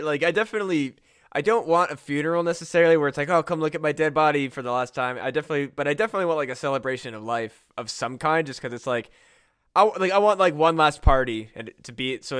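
A man's voice: fairly high pitch, quick pace, a bit bright, clear, resonant tone. A young man co-hosting a podcast, rambling casually with swearing and restarts. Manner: rambling, profane, restarts a lot. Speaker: podcast co-host. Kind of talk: casual chat.

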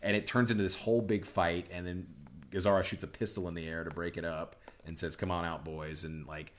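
A man with a very deep voice chats casually on a podcast. He rambles, trips over his words and restarts them, and drops into short acted-out quotes. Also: steady tone, brisk. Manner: rambling, restarts sentences, acts out movie lines. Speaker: podcast co-host. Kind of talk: casual chat.

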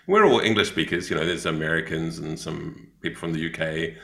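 Gravelly New Zealand man, bright and roomy. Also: a bass voice, a little fast. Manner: rambling, many fillers and restarts. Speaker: podcast co-host, missionary. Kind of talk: casual storytelling chat.

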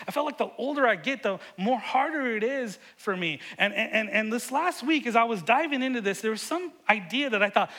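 A middle-aged man preaching a sermon, earnest and often repeating words, swinging between loud emphasis and hushed moments. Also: very high-pitched, lively intonation, a little fast, hardly any pauses. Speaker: pastor.

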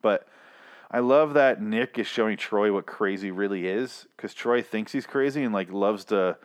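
Young male host, solo show recap, loose rambling delivery, lowish voice, mocks characters in silly voices. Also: moderate pace. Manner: rambling, joking, acts out characters in mocking voices. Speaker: podcast host recapping a TV episode.

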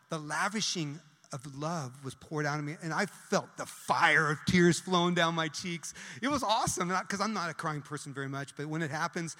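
Bright high-voiced man preaching in a hall. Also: lively intonation. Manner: talks fast, many restarts and repetitions. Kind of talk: sermon.

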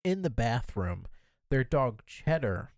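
A man co-hosts a podcast and recaps a TV episode in a loose, chatty storytelling style, peppering his speech with "like." His voice sits at a middling pitch for a man. The recording is close and dry, with no room sound. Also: big pitch swings, slow pace, vocal fry, darkish tone, dry recording. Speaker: podcast co-host.

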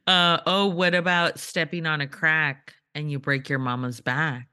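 A woman's voice: deep voice, steady tone, measured pace, bright, forceful tone, smooth, dry recording, studio quality. A woman co-hosting a podcast in casual chat, giggly and joking. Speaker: podcast co-host.

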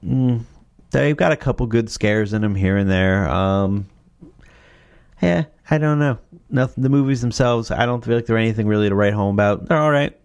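A man's voice: fairly low pitch, normal speed, creaky, a little mellow, clean tone. A man casually chatting about horror movie themes, rambling, correcting himself and swearing offhand. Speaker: host. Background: faint music playing.

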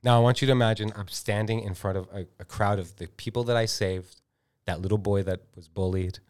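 A man's voice: on the low side, fairly even intonation, fairly quick, darkish tone, smooth. A man co-hosting a podcast, improvising a comic story in a rambling, filler-heavy, self-interrupting way. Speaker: podcast co-host.

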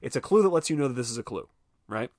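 Animated man recapping a film, dry close mic. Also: mid-range voice, fast talker, no room sound. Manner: animated, swearing, acts out characters' lines. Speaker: podcast co-host. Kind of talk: casual film recap chat.

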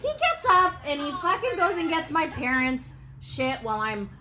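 A woman's voice: high voice, wildly swooping pitch, moderate pace, sharp tone. A woman in her forties co-hosting a live podcast, brash and profane, laughing as she talks. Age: 40s. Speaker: podcast co-host. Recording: noisy live venue recording.

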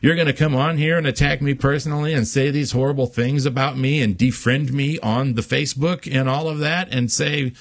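A man's voice: medium pitch, steady tone, a little fast, hardly any pauses, dry recording. Rambling man telling a story, dry sound. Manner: rambling storyteller with many fillers and swearing. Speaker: podcast host. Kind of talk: casual chat.

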